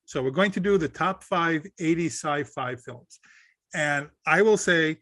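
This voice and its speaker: A man's voice: on the high side, a little slow, a bit bright, no room sound. A man co-hosting a casual podcast, rambling a little and restarting his sentences. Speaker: podcast co-host.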